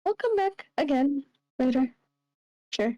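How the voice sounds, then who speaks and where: A woman playing in a tabletop game, chatting casually in a soft, partly whispered way. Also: high-pitched, expressive, a little slow, dull audio. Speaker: player.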